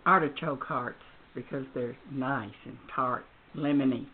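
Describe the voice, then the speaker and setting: A woman's voice: very deep voice, fairly even intonation, measured pace, slight background noise. An older woman being interviewed, who answers questions in short, dry words. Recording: tinny phone-like sound.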